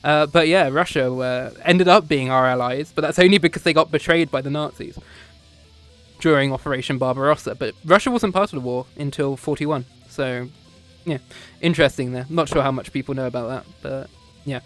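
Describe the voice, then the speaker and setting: A man's voice: mid-range voice, fairly quick, a bit bright, soft background music. A British man streaming a casual history lesson, rambling, digressing and correcting himself with small laughs. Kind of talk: casual off-the-cuff history lecture. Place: home streaming setup, VR chat session.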